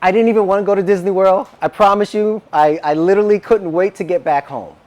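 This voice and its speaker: A man preaching a sermon, telling a personal story in an animated way and acting out the dialogue. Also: sits high, fast talker. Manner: animated, acts out quoted dialogue. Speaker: minister.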